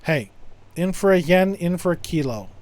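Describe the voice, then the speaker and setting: A man voicing a brash, blunt gangster who scolds in a gruff, mocking way while reading game dialogue. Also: high voice, animated, moderate pace, darkish tone. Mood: scolding.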